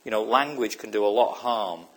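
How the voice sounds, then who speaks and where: Reflective man lecturing, low voice. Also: a little fast, fairly bright tone. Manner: reflective, checks understanding with repeated questions; hesitant, many fillers and restarts. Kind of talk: recorded lecture.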